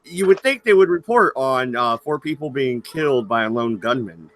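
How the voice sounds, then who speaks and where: A man's voice: medium pitch, animated, moderate pace, a bit bright, dry recording. A man hosting a casual stream, joking and laughing often while he chats with his co-hosts. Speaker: stream host. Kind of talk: casual banter chat.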